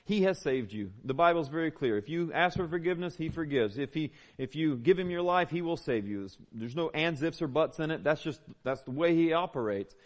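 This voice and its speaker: A man's voice: a little high, lively intonation, a little fast, hardly any pauses. A man, preaching a sermon as a pastor, conversational and emphatic with repeated phrases. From Southern United States. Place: church.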